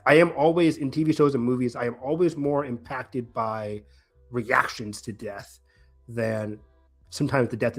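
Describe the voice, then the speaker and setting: A man co-hosting a casual podcast recap, talking in a rambling, animated way with many restarts and quoted reactions. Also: medium pitch. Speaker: podcast co-host.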